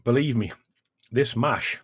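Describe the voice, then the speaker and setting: A man at a middling pitch, hosting a casual livestream and talking between coughs and sighs as chilli heat builds. The sound is dry and close, with hardly any room behind it. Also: takes it slowly, husky, no echo. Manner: chatty, with coughs, sighs and exclamations from hot chilli. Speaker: livestream host.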